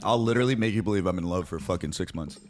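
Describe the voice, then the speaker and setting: A man in a casual group chat, making crude, deadpan jokes and boasts. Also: sits low, very fast.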